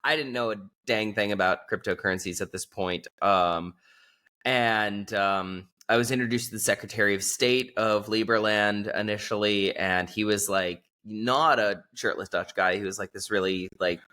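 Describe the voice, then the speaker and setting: A man as an interview guest, telling a rambling, animated story in casual conversation and leaning on lots of filler words. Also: fairly low pitch, normal speed.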